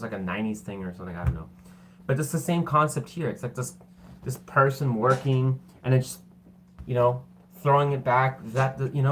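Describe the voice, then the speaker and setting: A man giving a casual tarot reading, rambling and loose with many fillers, and quick to apologize and poke fun at himself. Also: medium pitch, a bit bright, a little hiss or hum. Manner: self-deprecating and apologetic. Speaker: tarot reader.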